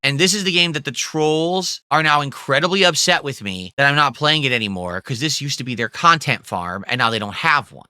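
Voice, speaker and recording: Male streamer, earnest explainer, very bright tone, dry sound. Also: medium pitch, animated, a little fast, hardly any pauses, no echo. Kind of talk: stream talk.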